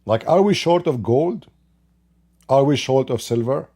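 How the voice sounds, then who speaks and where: A medium-pitched, warm voice, animated yet measured in pace, belongs to an online commentator. His monologue is opinionated, emphatic and scornful, full of rhetorical questions delivered in plain, broken grammar.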